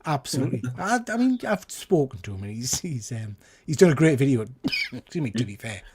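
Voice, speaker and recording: A man's voice: mid-range voice, sing-song, fairly quick, a little mellow, breathy edge. A man co-hosting a casual comics chat show, rambling and correcting himself as he talks. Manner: chatty, rambling, self-correcting. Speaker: podcast co-host.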